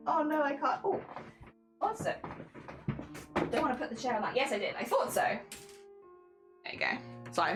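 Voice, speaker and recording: A woman streamer chatting casually while she sews, talking to her sewing machine, with machine noise and music behind her. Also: on the high side.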